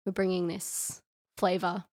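A woman's voice: lowish voice, flat delivery, a little slow, darkish tone. A woman co-hosting a casual chat, speaking earnestly and thoughtfully. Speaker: podcast co-host.

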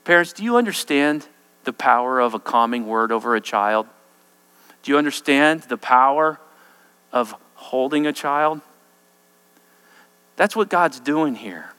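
A man's voice: mid-range voice, lively intonation, measured pace, long pauses, sharp tone, smooth, big-room sound. A man preaching an expository sermon, emphatic and often checking in with his listeners.

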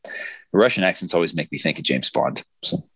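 A man's voice: low voice, a little fast, breathy edge, no echo. A man hosting a casual podcast, joking and putting questions to his co-hosts. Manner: joking, lively, asks the questions. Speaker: podcast host.

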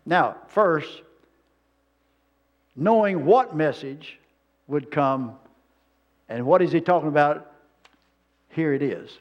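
Folksy high-voiced preacher, lo-fi. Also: male voice, expressive, takes it slowly, long pauses. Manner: folksy, rambling storytelling with plain-spoken grammar. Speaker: pastor. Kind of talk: sermon. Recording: dull lo-fi sermon recording.

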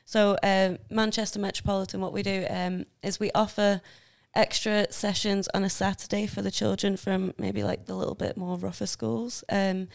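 A woman's voice: mid-range voice, flat delivery, normal speed, creaky, few pauses. A woman, a university student who volunteers in schools, talks earnestly in casual chat with many hesitations.

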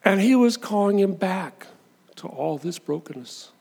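A man's voice: sits high, animated, a little slow, creaky, darkish tone, breathy edge, long reverb tail. A man preaching a sermon as pastor, talking conversationally and dramatizing the scripture he reads.

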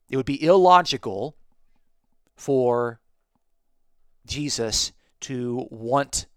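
A man hosting a talk podcast, reading from commentaries and explaining them in a measured way. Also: mid-range voice, a bit bright, smooth, no room sound. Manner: measured, explanatory, quotes sources aloud. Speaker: podcast host.

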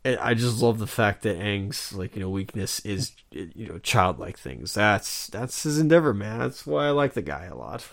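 A man's voice: lowish voice, lively intonation, moderate pace, vocal fry, few pauses, fairly bright tone. A man co-hosting a podcast, chatting casually in a rambling way with many fillers and restarts. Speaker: podcast co-host. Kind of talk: casual chat.

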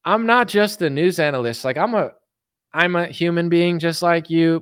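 A man's voice: on the high side, normal speed, fairly bright tone, clean tone, no room sound. Rambling sarcastic male streamer, dry sound. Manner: rambling, sarcastic, heavy filler "like". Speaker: political commentator streamer. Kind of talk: casual livestream rant.

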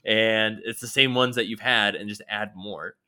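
A man talking in a relaxed, casual way on a podcast, with lots of "like" fillers. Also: fairly low pitch, normal speed, clean tone. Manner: laid-back, full of "like" fillers. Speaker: podcast co-host. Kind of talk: casual chat.

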